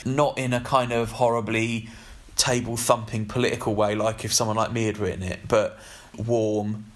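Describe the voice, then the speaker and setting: A man co-hosting a casual chat about television, speaking in a measured, articulate, wry way. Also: on the low side, level tone. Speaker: podcast co-host.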